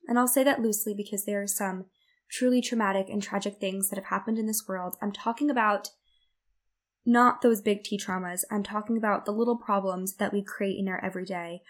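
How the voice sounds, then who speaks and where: A woman's voice: mid-range voice, steady tone, fairly quick. A woman hosting a self-development podcast, talking earnestly in a reflective monologue and acting out the worried inner voice in her examples. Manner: earnest, acts out inner-voice quotes. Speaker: podcast host.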